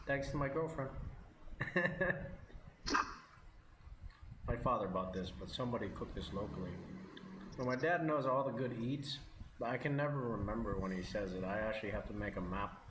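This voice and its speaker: A man vlogging as he eats, chatting casually in a rambling way and chuckling often. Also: on the low side. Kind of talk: casual chat while eating on camera. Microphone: camera mic. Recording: roomy with background noise.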